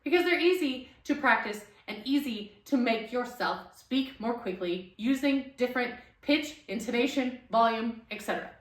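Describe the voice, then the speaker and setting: A woman lecturing on public speaking with a loud voice and lively, expressive pitch. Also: moderate pace, hardly any pauses. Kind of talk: recorded lecture. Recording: echoey room, mic far off, background hum.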